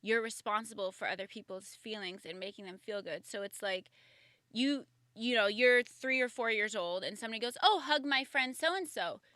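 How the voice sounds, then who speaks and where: A woman's voice: medium pitch, steady tone, fairly quick, bright, forceful tone, no echo. A woman talking casually on a podcast, chatty, full of fillers. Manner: chatty, many fillers, acts out quoted voices. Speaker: guest.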